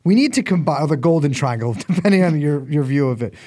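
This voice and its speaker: A man's voice: a little high, animated, fast talker, darkish tone. An American man co-hosting a podcast, riffing in loose, jokey banter and swearing freely. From United States. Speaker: podcast co-host.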